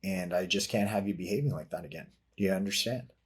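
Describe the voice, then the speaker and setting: A man's voice: deep voice, fast talker, breathy edge. A man appearing as a podcast guest, a martial arts business consultant explaining step by step, with many fillers. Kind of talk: casual podcast conversation.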